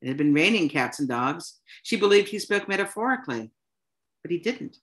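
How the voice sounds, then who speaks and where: A woman's voice: low voice, expressive. Woman reading her own story aloud. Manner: unhurried, plain storytelling delivery with soft "um" fillers. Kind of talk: public reading of a short story.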